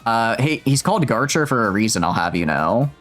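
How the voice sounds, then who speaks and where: A man streaming a video game live, joking with his chat in an animated, rambling way and often stammering and restarting his sentences. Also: medium pitch, brisk. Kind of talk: live gameplay commentary. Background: faint game music.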